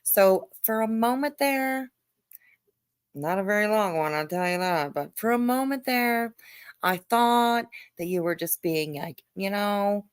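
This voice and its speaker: A woman's voice: medium pitch, expressive, a little slow, clear, resonant tone, no room sound, studio quality. A woman hosting a live stream, reacting to a clip with sarcastic, mocking commentary and greeting her viewers.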